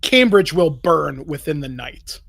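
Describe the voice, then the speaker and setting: A man voicing a hungry, warlike male orc mercenary who makes slow, commanding declarations. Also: fairly high pitch, animated, gravelly, fairly bright tone, full character voice.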